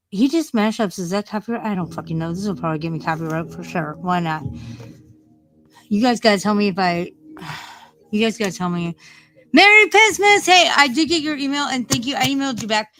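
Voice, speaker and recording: A woman's voice: mid-range voice, moderate pace, long pauses, faint music behind, low-quality recording. Profane, rambling woman livestream host. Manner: profane, rambling, easily distracted. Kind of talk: casual livestream chat.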